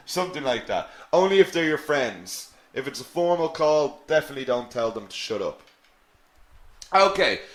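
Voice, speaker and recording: A man teaching a live online English lesson, slow and patient, who repeats phrases and answers viewers' questions. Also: a little high, fairly bright tone. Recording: echoey room.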